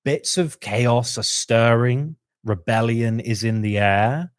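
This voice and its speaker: A man, co-hosting a podcast, explaining a book's story in casual chat and acting out characters' lines in quick put-on voices. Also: medium pitch, smooth, no echo. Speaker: podcast co-host.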